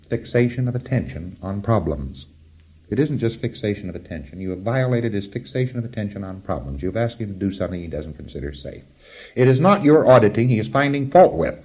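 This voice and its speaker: Deep-voiced man lecturing on old tape. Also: muffled recording. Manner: rambling, conversational, chuckles at his own asides. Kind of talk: informal spoken lecture.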